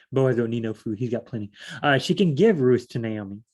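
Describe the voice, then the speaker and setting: A man's voice: medium pitch, expressive, normal speed, darkish tone, breathy edge. A man leading a casual Bible study, rambling and asking himself questions as he reads. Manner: rambling, thinks aloud and asks himself questions; repeats phrases, many fillers.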